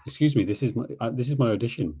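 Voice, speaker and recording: A man co-hosting a casual podcast, speaking in dry, deadpan quips. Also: mid-range voice, very fast, husky. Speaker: podcast co-host.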